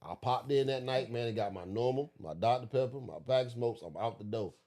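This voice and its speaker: A man talks quickly in a loose, profane podcast chat. He tells his stories with plenty of energy, and his words tumble out fast. His voice sits at an ordinary pitch. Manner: storytelling, profane, animated. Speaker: podcast co-host. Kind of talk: casual chat.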